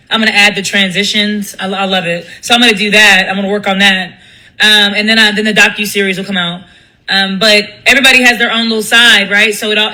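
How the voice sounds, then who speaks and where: Woman, blunt and profane live-stream ranter, bright tone. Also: mid-range voice, rough recording. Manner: blunt, profane, animated, mimics others in quotes. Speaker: commentator speaking on a live stream. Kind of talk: candid monologue on a live stream.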